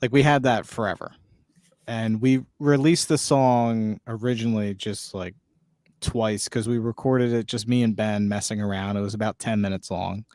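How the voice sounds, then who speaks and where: A man's voice: lowish voice, fairly even intonation, moderate pace, darkish tone, no echo, clean studio sound. A man being interviewed as a musician, easygoing and talking with lots of fillers. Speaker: musician guest. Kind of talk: casual interview chat.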